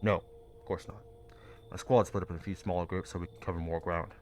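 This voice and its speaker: A man voicing a calm, measured government field agent in a game. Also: sits low, a little hiss or hum, lightly acted. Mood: calm, official. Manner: measured, official.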